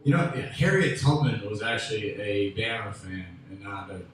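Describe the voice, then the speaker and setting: Rambling stand-up comic in an echoey room. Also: male voice, lowish voice, lively intonation, normal speed. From Memphis, USA. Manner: rambling, self-interrupting, loud bursts on punchlines. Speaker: stand-up comedian. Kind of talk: stand-up comedy set. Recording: echoey room with faint ambient noise.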